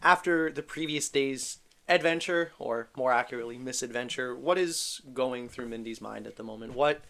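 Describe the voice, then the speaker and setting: A man's voice: medium pitch, moderate pace, creaky, sharp tone. A man as game master, narrating a tabletop game with dramatic storytelling.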